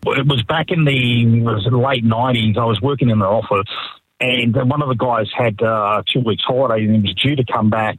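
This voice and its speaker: A man's voice: medium pitch, fairly even intonation, brisk, breathy edge, no echo, poor audio. A middle-aged man calling into a radio show, telling an anecdote animatedly and restarting his sentences. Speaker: caller. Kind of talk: casual phone-in anecdote.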